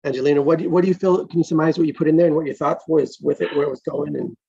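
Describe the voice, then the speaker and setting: Gravelly husky man hosting a chat. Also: on the high side, racing, lo-fi sound. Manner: relaxed and conversational, prompts others. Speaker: host. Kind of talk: casual group chat.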